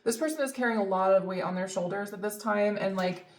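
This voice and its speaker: A woman talks through a tarot reading in a loose, chatty way, full of fillers and blunt swearing. Her voice sits at a middling pitch. The room around her adds a clear echo. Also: fast talker. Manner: chatty and emphatic, many fillers and swear words. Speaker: tarot reader. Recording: echoey room.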